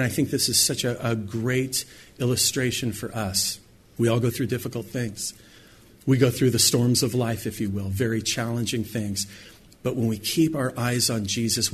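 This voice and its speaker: A middle-aged man preaching a sermon, acting out quoted lines with sudden high, loud bursts. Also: steady tone, moderate pace, slight background noise. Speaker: pastor.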